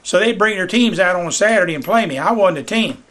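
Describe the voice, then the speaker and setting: Brief: older man, high-pitched folksy storyteller, home interview. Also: expressive, a little fast, fairly bright tone. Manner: folksy Southern storyteller, acts out voices in his anecdotes. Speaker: retired youth baseball coach. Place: living room of his house.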